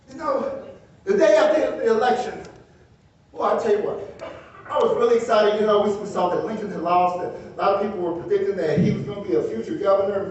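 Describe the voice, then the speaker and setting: A man in his sixties giving an energetic, joking campaign stump speech, rallying the crowd with shouts. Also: high voice, lo-fi sound, slight background noise. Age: 60s. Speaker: political candidate. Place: indoor hall with audience. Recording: echoey hall, far from mic.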